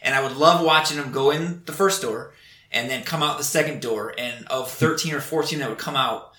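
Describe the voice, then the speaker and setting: In a reverberant space, a man with a medium-pitched, sharp voice talks briskly in casual conversation. An Air Force instructor, he earnestly recounts stories of training recruits, often restarting his sentences.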